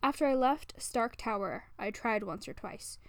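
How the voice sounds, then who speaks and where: Woman reading a tired shy guy scientist, soft and mumbly, halting. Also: high-pitched, no room sound. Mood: quiet, weary. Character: shy weary male scientist, soft-spoken.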